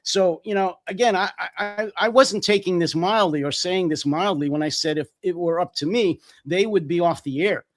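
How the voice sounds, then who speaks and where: A man's voice: high voice, moderate pace, hardly any pauses. An American man hosting a political talk show, speaking indignantly and emphatically with some hesitations. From United States. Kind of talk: political commentary chat.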